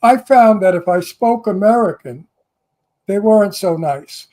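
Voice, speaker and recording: High-pitched guy cohost, blunt, swears casually, banters. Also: expressive, measured pace, dark tone. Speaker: co-host. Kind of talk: casual interview chat.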